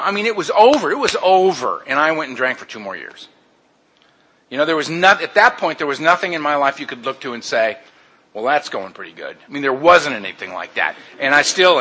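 Bright-voiced man telling a blunt personal story. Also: a little high. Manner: candid and blunt, addresses listeners as "man". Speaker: speaker telling his recovery story. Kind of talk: personal testimony, casual storytelling.

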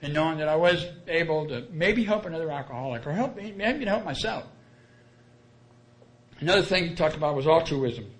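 A man's voice: on the high side, animated, moderate pace. A man sharing his personal story at a recovery meeting, earnest and colloquial, often repeating his key phrases. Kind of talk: plain-spoken personal testimony.

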